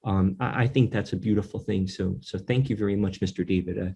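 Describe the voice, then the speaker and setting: A man co-hosting a podcast, speaking in a halting, heartfelt way with many fillers. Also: on the low side, steady tone, creaky, dark tone, slightly rough. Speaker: podcast co-host. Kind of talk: casual podcast chat.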